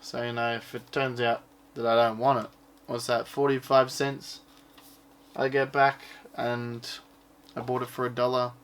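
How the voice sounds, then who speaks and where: A man's voice: mid-range voice, little pitch movement, unhurried, long pauses, smooth. A man chatting casually as he shows off his purchases, rambling and offhand and swearing now and then. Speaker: collector showing his purchases. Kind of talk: casual unboxing chat.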